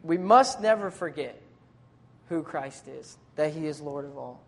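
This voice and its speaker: Preacher delivering a sermon. Relaxed, slangy, animated storytelling, mid-range pitch. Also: measured pace, in a large hall. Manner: casual, conversational preaching with modern slang; lively, dramatic retelling of scripture scenes.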